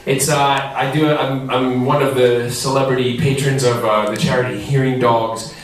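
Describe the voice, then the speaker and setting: Breathless, animated man in an echoey hall. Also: mid-range voice, normal speed. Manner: lively, jokey, breathless anecdotes. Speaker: celebrity panel guest. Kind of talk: animated storytelling on a convention panel. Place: large convention hall. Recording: echoey hall recorded from far off with faint noise.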